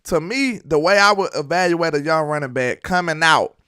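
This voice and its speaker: A man's voice: fairly high pitch, normal speed, pushed and bright, smooth. Chatty man hosting a sports stream. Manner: chatty, reads and answers chat comments. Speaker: sports live-stream host. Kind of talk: casual sports commentary livestream. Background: hip hop beat playing.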